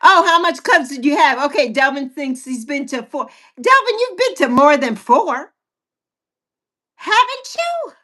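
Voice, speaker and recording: A woman's voice: high-pitched, very animated, measured pace, bright, forceful tone. A woman in her sixties hosting a casual livestream chat, chatty and repetitive, reading out viewer comments and laughing often. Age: 60s. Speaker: livestream host.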